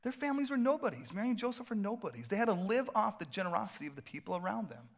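A middle-aged pastor preaching a sermon in a loose, conversational way, full of fillers and asides. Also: male voice, high-pitched, sing-song, rapid-fire, gravelly.

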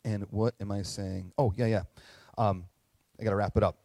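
A man's voice: fairly low pitch, fairly even intonation, moderate pace, creaky, a little mellow, no echo. A middle-aged man preaching a sermon as pastor, earnest and conversational, telling stories and acting out quotes. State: tearing up at moments.

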